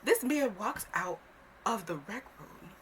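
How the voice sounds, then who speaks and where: Woman, storytime vlogger, expressive and profane, slips into whispers, mid-pitched. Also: slow, a little hiss or hum. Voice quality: animated, swears freely, drops into whispers. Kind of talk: casual storytime vlog. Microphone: camera.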